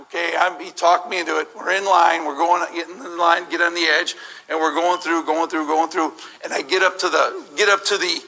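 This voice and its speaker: A middle-aged man telling a humorous personal story as a guest speaker at a church service, animated and laughing, with many restarts. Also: a little high, a little fast, creaky, rough recording.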